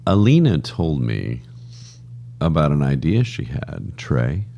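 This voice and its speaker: Deep, lively, swearing podcast host man. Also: slow, creaky, dull audio, a little hiss or hum. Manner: loose, profane, joking. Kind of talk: casual chat. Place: Texas.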